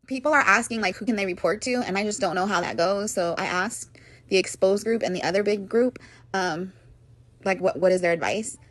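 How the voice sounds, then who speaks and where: A woman in a recorded voice message, giddy and breathless with excitement. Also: medium pitch, fairly quick. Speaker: group admin.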